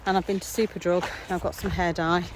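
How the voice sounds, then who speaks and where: A female vlogger chats casually in a daily vlog, rambling about her day while walking outdoors and sometimes getting out of breath. Her voice is lowish with little pitch movement, she talks fast, and there's background noise.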